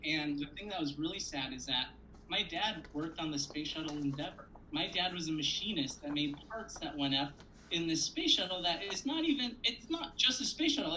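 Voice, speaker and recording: Bright-toned man telling comic stories on a panel. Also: a little hiss or hum, rough recording. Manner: animated, jumps to loud high outbursts when acting out scenes; profane, conversational, frequent "like". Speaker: comedian panelist. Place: conference panel stage.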